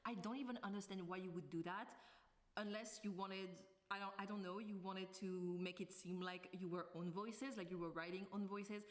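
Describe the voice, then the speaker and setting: A woman's voice: mid-range voice, fairly even intonation, moderate pace. A woman book vlogger talking to camera in a casual, chatty way, drifting into tangents and laughing often.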